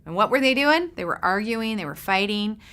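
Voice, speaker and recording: A middle-aged woman, a parent coach, telling a lively personal story to parents and acting out the voices in it. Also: fairly quick, clear, resonant tone. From Seattle area, United States. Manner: animated storyteller, acts out quoted voices with big pitch jumps.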